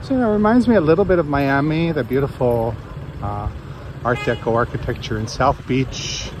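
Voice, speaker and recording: A man's voice: mid-range voice, moderate pace. A man vlogging casually while walking outdoors along a city promenade, thinking aloud as he goes. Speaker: travel vlogger. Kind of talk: casual walking travel vlog. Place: outdoors on a city seaside street. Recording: outdoor street noise and traffic.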